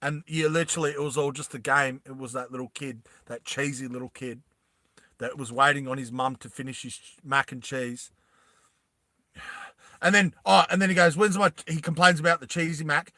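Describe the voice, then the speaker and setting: A man casually retelling a movie plot, animated and rambling, often laughing. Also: mid-range voice, normal speed, no echo, clean studio sound. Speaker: storyteller.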